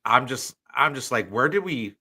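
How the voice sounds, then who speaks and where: A man's voice: mid-range voice, expressive, moderate pace, sharp tone. A man hosting a martial arts podcast, talking casually and a bit exasperated, with lots of fillers. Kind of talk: casual chat.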